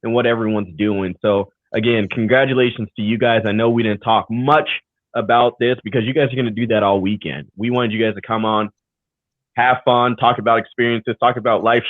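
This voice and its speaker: A man's voice: on the low side, dry recording. Upbeat male co-host on a tinny call line. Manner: loose, rambling, upbeat sign-offs. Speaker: talk show co-host. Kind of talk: casual live show chat. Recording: tinny phone-like call audio.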